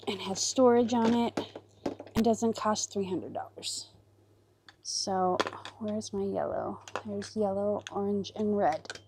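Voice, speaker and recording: A woman's voice: medium pitch, takes it slowly, long pauses, heavy background noise. A woman hosting a crafting livestream, chatting casually and thinking aloud with fillers as she works.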